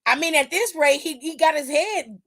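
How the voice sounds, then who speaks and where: A woman hosting a casual wrestling aftershow, animated and profane, talking loudly and laughing often. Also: sits high, moderate pace, creaky. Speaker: host.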